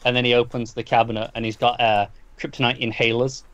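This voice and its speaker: A man's voice: mid-range voice, flat delivery, quick pace, fairly bright tone. A man co-hosting a podcast, casually recapping a comic book in a rambling way, full of restarts and fillers. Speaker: podcast co-host. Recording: dull lo-fi dry sound.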